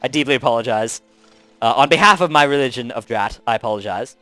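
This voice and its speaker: A man's voice: mid-range voice, fast talker, bright, forceful tone, no echo, soft background music. A young man hosting a video game Let's Play, chatting casually with wry asides while he plays. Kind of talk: casual gameplay commentary.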